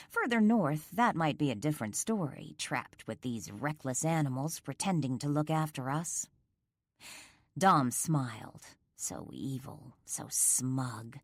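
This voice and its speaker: A woman's voice: low-pitched, no echo, clean studio sound. A woman narrating a romance audiobook in the first person, reading in an intimate, emotional storytelling manner.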